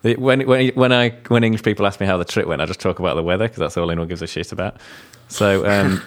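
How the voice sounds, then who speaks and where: A man with a very low voice co-hosts a relaxed podcast. His delivery is dry and sweary, full of offhand asides. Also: quick pace. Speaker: podcast co-host. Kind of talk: casual chat.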